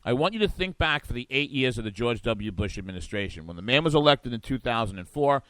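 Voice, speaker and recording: A man's voice: medium pitch, animated, quick pace, fairly bright tone, dry recording. A man hosting a talk show, giving combative, sarcastic political commentary. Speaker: radio talk show host.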